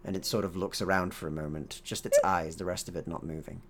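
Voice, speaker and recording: A man narrating a tabletop horror game as game master, relaxed and hesitant with many fillers. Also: low-pitched, quick pace, very noisy.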